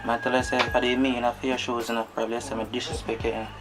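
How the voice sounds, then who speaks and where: A man's voice: medium pitch, monotone, racing, music in the background, lightly acted. An actor playing an easygoing man in a Jamaican film drama, talking in patois with a Jamaican accent. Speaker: man confiding in a friend. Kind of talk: Jamaican movie drama acting.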